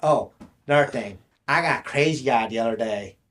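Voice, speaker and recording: A man's voice: medium pitch, normal speed, a bit bright. Rambling, laughing podcast co-host man. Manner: rambling storyteller, laughs mid-sentence. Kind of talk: casual chat.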